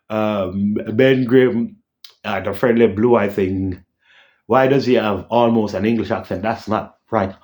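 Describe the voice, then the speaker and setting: A man's voice: fairly low pitch, fairly even intonation, slow, a little mellow. A man hosting a casual vlog rant, rambling and repeating himself, often tagging lines with "yeah?" and humming dramatic sound cues. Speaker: channel host.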